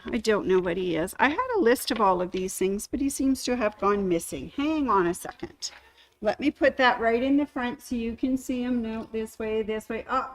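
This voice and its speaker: Slow, chatty woman sewing shop host. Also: on the high side. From Canada. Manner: chatty, rambling, gives shout-outs to viewers. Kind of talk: casual livestream chat.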